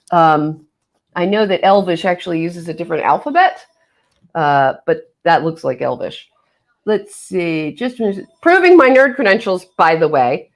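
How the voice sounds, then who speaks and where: Playful woman hosting a livestream chat. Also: mid-range voice. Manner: playful, jokey, exaggerated mock-solemn asides. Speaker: livestream host. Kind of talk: casual livestream chat reading comments. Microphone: webcam mic.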